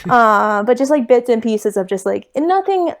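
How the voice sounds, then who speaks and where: A young woman, a podcast guest, telling a story in an animated, laughing way. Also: fairly high pitch, moderate pace. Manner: animated, laughing, quotes others. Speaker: guest, thru-hiker. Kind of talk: casual storytelling.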